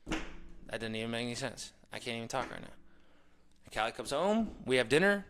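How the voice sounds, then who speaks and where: Bright-voiced man ranting on a podcast. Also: medium pitch, normal speed, long pauses, a little hiss or hum. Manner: animated, ranting, mimics others in quoted asides. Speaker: podcast host. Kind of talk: casual motivational monologue.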